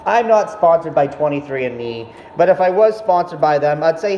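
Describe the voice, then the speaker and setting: A man's voice: fairly high pitch, expressive, normal speed. A young man telling a rambling, profanity-laced story about his mother in a casual monologue. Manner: rambling, profane, self-interrupting. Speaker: vlogger. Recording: echoey, dull room sound with faint noise.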